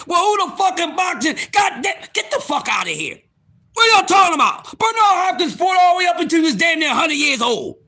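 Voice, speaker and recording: A man in his fifties hosts a live stream and rants at his viewers, loud, profane and incredulous. His voice sits very high and sounds sharp and bright, and it swings widely in pitch. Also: sing-song, brisk. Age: 50s. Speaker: livestream host.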